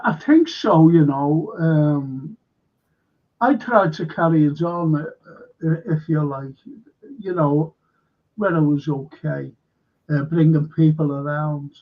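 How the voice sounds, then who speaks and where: A man, a local historian chatting on a live stream and acting out the voices in his anecdotes. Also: on the high side. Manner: animated storyteller acting out quoted voices. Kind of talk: casual chat on a live stream. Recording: lo-fi stream audio.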